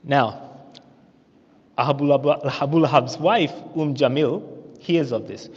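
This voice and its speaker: An Australian man teaching a religious history class in a mosque, telling the story with animated, acted-out quotes. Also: mid-range voice, a little slow. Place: mosque hall. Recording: echoey hall, muffled lo-fi sound.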